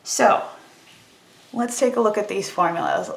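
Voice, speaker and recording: A woman teaching statistics in a recorded lecture, chatty and a little wry about the tedious calculations. Her voice has a gravelly edge. The room around her is echoey. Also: medium pitch, wildly swooping pitch, a little slow.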